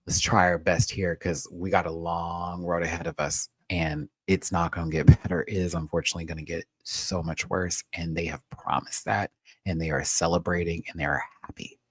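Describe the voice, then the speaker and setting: A sassy, slangy man hosts a casual livestream in a somewhat low voice. He swings between hushed asides and loud, emphatic pleas. The sound is dry and close. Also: slightly rough, no echo. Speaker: host.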